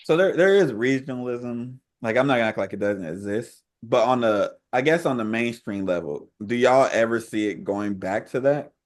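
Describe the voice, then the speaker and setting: A man's voice: medium pitch, normal speed, hardly any pauses. A man co-hosting a podcast, giving firm opinions in a laid-back slangy casual chat. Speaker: podcast co-host.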